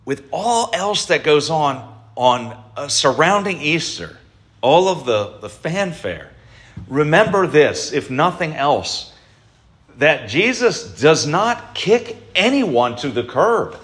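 A male pastor giving an Easter sermon, preaching in a deliberate, emphatic way and lifting his voice for stress. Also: on the high side, very animated, fairly bright tone.

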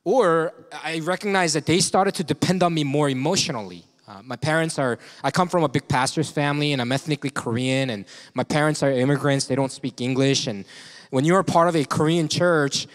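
A man delivers a relaxed, confessional sermon as a pastor, often breaking into a short chuckle. His voice sits a little higher than most men's. It rings with the long reverb of a large church sanctuary. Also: a little fast. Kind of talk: conversational sermon.

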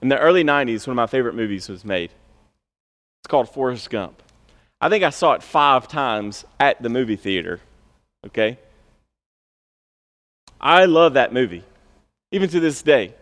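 A man's voice: medium pitch, very animated, normal speed, pauses often, a bit bright. A male pastor preaching a sermon in a conversational, storytelling way with bursts of emphasis. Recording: long hall reverb.

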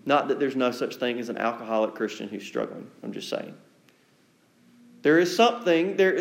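A man preaches a sermon with an emphatic, conversational delivery, slipping into little acted-out voices for quotes. His voice sits high for a man. The sound is roomy, with a noticeable echo around him. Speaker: pastor.

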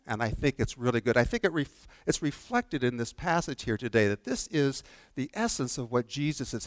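A man's voice: mid-range voice, dry recording, clean studio sound. A man preaching a sermon as pastor, earnest and repeating phrases for emphasis. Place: church sanctuary.

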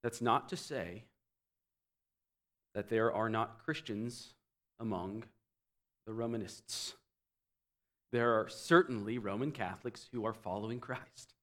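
A man preaching a teaching sermon, explaining doctrine and swinging between loud emphatic phrases and quiet low asides. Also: takes it slowly, pauses often. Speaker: pastor.

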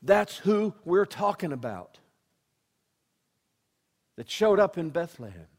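A man preaching a sermon, dropping to a hushed storytelling voice and then rising to loud, emphatic proclamation, with slow, deliberate scripture reading. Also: high-pitched, sing-song. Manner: reads scripture slowly and deliberately.

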